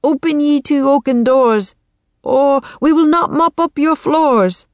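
A cheerful boy sorcerer who declaims in old-fashioned phrasing, put on by a woman reading aloud. He sounds high and bright against her low narrating voice, in a dry close recording. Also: big pitch swings, moderate pace, dry recording. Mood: jaunty.

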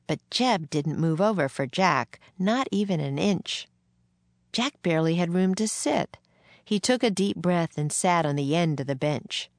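A woman reading a children's storybook aloud, calm and steady. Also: sits low, no room sound. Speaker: narrator. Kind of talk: storybook narration.

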